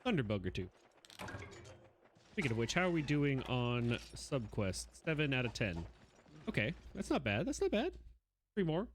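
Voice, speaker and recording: A man's voice: medium pitch, very animated, normal speed, long pauses, slight background noise. Playful man streaming a game live. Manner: playful, talks to the monsters. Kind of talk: live gameplay commentary. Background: game music.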